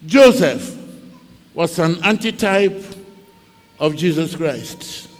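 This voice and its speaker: A man's voice: fairly high pitch, very animated, takes it slowly. A man with a Ghanaian accent preaching a sermon, telling a story dramatically and mixing English with Twi. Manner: dramatic storytelling, switching between English and Twi, acting out cries. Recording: long reverb of a large hall.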